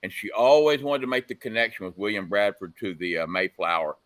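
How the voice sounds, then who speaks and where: A man guesting on a motorcycle talk show, telling animated stories and laughing as he goes. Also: lowish voice, fairly quick. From United States. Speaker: guest, motorcycle engine builder. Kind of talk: casual chat.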